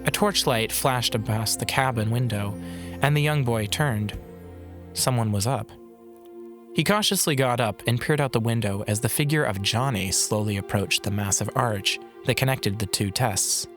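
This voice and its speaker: A man narrating a fantasy audiobook in a measured, dramatic storytelling manner. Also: medium pitch. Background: background music.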